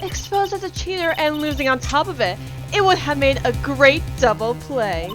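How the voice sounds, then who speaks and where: A woman plays a smug, scheming card dealer testifying in a video-game courtroom, attempting a foreign accent that keeps slipping. Her pitch sits a little high and swings widely. Game music plays steadily behind her. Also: expressive, moderate pace. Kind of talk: reading game dialogue aloud.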